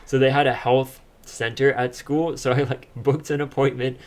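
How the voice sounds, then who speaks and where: A man's voice: medium pitch, steady tone, fairly quick, few pauses, a little hiss or hum. A young man, a podcast co-host, telling a personal story in casual chat, laughing often as he talks.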